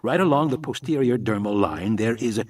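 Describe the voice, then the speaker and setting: A man's voice: medium pitch, lively intonation, brisk, a little mellow, far from the mic, slight background noise, natural voice. A man voicing a blunt, irritable male scientist who speaks curtly and coldly, read aloud from an audiobook. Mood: intent. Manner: curt and cold.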